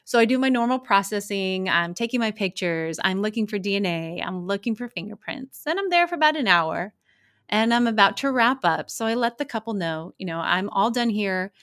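A woman who works as a crime scene investigator, casually telling wry, animated stories from her work. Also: mid-range voice, a little fast. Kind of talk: casual anecdotal storytelling.

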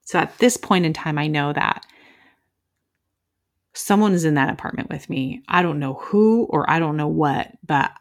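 A woman hosting a podcast, telling a story casually and vividly, acting out quoted voices and swearing freely. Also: low-pitched. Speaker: podcast host; crime scene investigator.

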